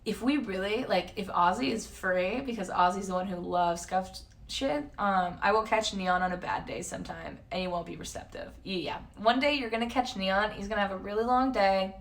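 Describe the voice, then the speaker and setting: A woman's voice: mid-range voice, normal speed, hardly any pauses. A woman in her twenties chatting casually on a live stream, answering chat and swearing now and then. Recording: voice somewhat distant from the mic.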